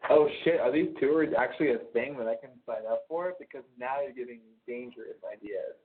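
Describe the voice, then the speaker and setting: A man's voice: medium pitch, fairly quick, breathy edge. A man chatting affectionately over a phone line, laughing often and swearing heavily. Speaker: caller on a prison phone call. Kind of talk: casual phone chat. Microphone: telephone.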